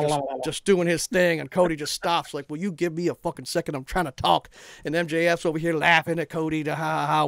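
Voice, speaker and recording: Gravelly animated man in casual chat. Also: on the high side, dry recording, clean studio sound. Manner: animated storyteller, acts out scenes. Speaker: wrestling podcast co-host.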